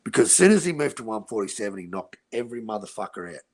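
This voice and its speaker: Racing along and very animated, this Australian man hosts a podcast about boxing, speaking bluntly and crudely, full of profanity, and saying "mate" constantly. His voice is lowish.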